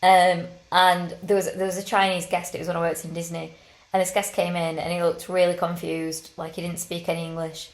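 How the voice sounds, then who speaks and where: A woman's voice: on the low side, level tone, fairly quick, echoey room, poor audio. A woman co-hosting a podcast in casual chat, rambling and correcting herself with frequent giggles. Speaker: podcast co-host.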